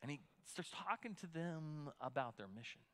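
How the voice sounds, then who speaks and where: Male pastor preaching to his congregation; a slightly raised pitch, loose conversational delivery with frequent restarts. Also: expressive, moderate pace, fairly bright tone. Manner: conversational, repeats words when restarting. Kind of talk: sermon.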